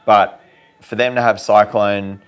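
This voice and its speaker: A man's voice: fairly low pitch, level tone, measured pace, clean tone. A man co-hosting a live sports watch-along, with dry, matter-of-fact remarks. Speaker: sports show co-host.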